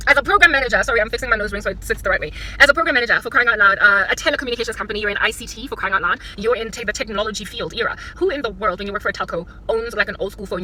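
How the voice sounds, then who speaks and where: A South African woman vlogging from inside a parked car into her phone camera, talking in an animated, dramatic and joking way. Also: medium pitch, slight background noise, rough recording. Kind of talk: casual talking-head vlog.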